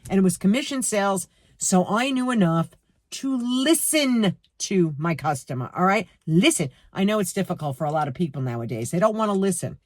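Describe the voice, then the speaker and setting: A woman's voice: mid-range voice, a little fast, no echo. Heated New York woman ranting. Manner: heated, animated, talks to viewers directly. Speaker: vlogger. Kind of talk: storytime rant to camera.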